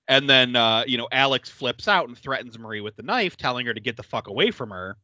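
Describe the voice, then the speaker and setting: A man's voice: medium pitch, fairly quick, hardly any pauses, no echo, highs cut off. A man hosting a podcast in casual chat, recapping a horror film with frequent laughter and plenty of swearing. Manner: animated, laughing often, swears freely. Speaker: podcast host.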